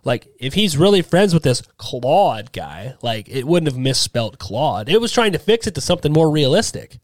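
A man's voice: a little high, very animated, normal speed, dry recording. A man hosting a podcast in a studio, telling rambling stories and acting out the voices of people he quotes. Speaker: podcast host. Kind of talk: casual chat.

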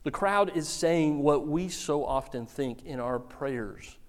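A man preaching a sermon, telling the story with lively acted-out quotes. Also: a little high, slow, hardly any pauses. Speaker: pastor.

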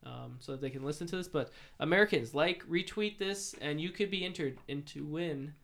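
Rambling Canadian man, slightly high voice. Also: a little fast, creaky, a bit bright. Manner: rambling, filler-heavy, playful. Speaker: podcast co-host. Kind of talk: casual chat.

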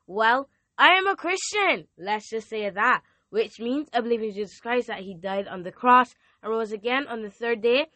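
A woman's voice: fairly high pitch, expressive, moderate pace, few pauses, sharp tone, dry recording. A teenage girl hosting a casual faith podcast, earnest and encouraging, her voice strained and partly lost. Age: teens. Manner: earnest and encouraging, with frequent restarts. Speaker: podcast host.

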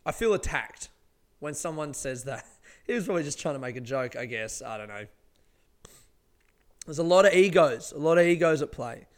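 A stand-up comedian rambles through his stories in a loose podcast monologue, cursing freely as he goes. His voice sits a little high and comes across smooth and clear. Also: normal speed, long pauses. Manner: rambling, swears freely, animated storytelling.

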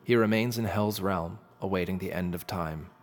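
A man narrating a myth in a measured, dramatic storytelling manner. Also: low-pitched. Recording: long reverb with faint music.

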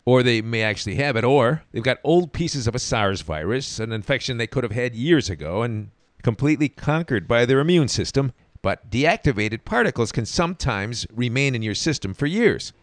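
Sarcastic guy doing a podcast monologue, middle pitch, dry close mic. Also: no room sound. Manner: wry, sarcastic. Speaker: podcast host.

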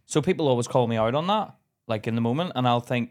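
A man's voice: mid-range voice, animated, fast. A man co-hosting a podcast, bluntly telling crude stories and swearing freely. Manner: blunt, swears a lot, tells stories with quoted voices. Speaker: podcast co-host. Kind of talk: casual crude banter.

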